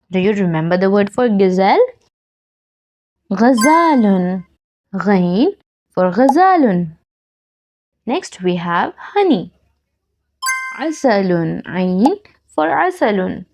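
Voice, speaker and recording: A woman gives a children's alphabet lesson at a very slow, deliberate pace. Her pitch rises and falls in a lively, sing-song way as she patiently repeats each word for young learners. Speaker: Arabic teacher for children.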